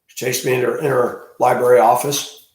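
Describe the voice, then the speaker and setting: A man ranting crudely in a monologue, breaking into loud outbursts and mocking voices. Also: mid-range voice, little pitch movement, fairly quick, creaky, reverberant. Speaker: host.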